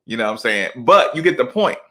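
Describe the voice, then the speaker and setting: A man's voice: mid-range voice, very animated, fast, bright, forceful tone. A middle-aged man, a former college basketball player, telling loose, slangy stories in casual chat with lots of asides.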